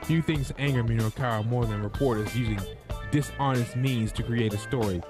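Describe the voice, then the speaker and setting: Guy reading a visual novel out loud, casual side comments, game music playing clearly. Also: medium pitch, normal speed. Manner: casual asides between read passages. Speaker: gameplay narrator.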